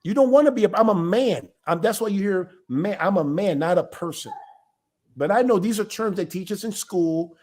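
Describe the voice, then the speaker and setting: Male ministry elder with a high voice, informal and emphatic, teaches by asking rhetorical questions and answering them. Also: lively intonation, moderate pace, a little mellow.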